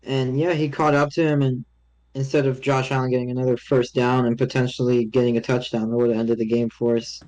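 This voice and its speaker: Young male co-host, casual and halting, stops and restarts often. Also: medium pitch, little pitch movement, a little mellow, rough recording. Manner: halting, many restarts and fillers. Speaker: podcast co-host. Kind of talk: casual sports chat.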